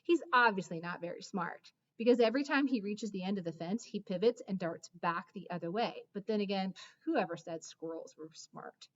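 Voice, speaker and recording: A woman narrating a children's story in the first person, expressive, with dramatic hushes and excited rises. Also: medium pitch, normal speed, few pauses, dull audio. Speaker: audiobook narrator.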